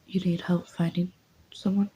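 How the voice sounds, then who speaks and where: A man's voice: high-pitched, little pitch movement, moderate pace, mellow, slight background noise, lightly acted, low-quality recording. A woman voicing an easygoing teenage boyfriend, in whispered role-play. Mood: friendly.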